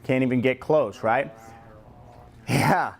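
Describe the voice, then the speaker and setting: A man leading a staff training session in a room with a group, lively and joking, acting out customer lines as examples. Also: medium pitch, takes it slowly, creaky. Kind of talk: classroom training talk.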